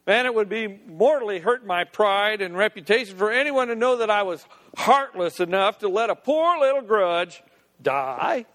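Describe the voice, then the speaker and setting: A man doing a whiny, self-pitying fellow who clings to his grudge, high-voiced and plaintive. Each pleading word is stretched out. It rings in a long hall reverb. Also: animated, moderate pace, a bit bright. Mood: whining.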